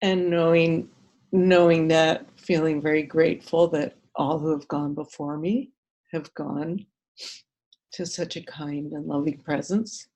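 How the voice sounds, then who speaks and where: A woman on a video call speaks very slowly in a lowish voice. She shares her feelings tenderly and haltingly during a workshop exercise. Her words come with long, thoughtful pauses. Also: fairly even intonation, darkish tone. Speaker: workshop participant. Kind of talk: slow, heartfelt sharing in a training exercise.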